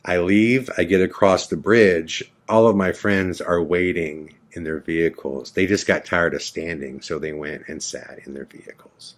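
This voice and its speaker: A man's voice: low-pitched, fairly even intonation, moderate pace, few pauses. A man hosting a podcast, telling a frightening true story about himself in a vivid, dramatic first-person way. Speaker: podcast host.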